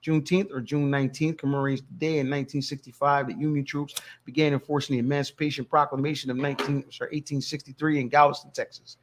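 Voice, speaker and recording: A man co-hosting a podcast, reading a news article aloud in a plain, even way. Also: fairly high pitch, fast talker, few pauses, slight background noise. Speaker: podcast co-host.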